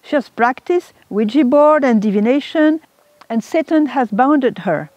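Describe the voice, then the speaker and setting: A woman's voice: medium pitch, big pitch swings, fairly quick, a little mellow, slightly rough, no room sound. A woman voicing a fervent woman who proclaims urgently at a prayer meeting. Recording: dull lo-fi recording.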